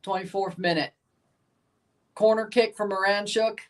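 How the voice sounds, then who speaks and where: Man, Southern accent, live soccer reaction stream, chatty, slow delivery, slightly distant mic. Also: high-pitched, fairly even intonation. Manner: chatty, reads and answers live chat, exclaims at plays. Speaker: watchalong streamer. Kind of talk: live match reaction commentary.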